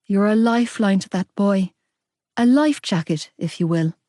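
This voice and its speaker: A woman's voice: mid-range voice, expressive, moderate pace, warm tone, no echo, close to an everyday voice. A woman voicing a heartbroken, fiercely loyal young woman close to tears in an audiobook. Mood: anguished. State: crying.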